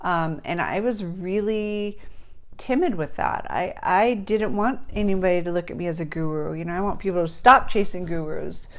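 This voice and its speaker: A woman's voice: on the low side, normal speed. A woman talking casually to camera as a book writing coach, chatty and earnest, with fillers and restarts.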